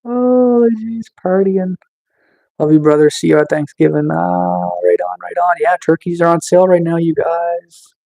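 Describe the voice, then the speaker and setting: A man's voice: a little high, vocal fry, darkish tone, low-quality recording. Laid-back man livestreaming. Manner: slow, laid-back, chill delivery with many fillers. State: recovering from a cold. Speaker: livestreamer reading chat. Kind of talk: casual livestream chat.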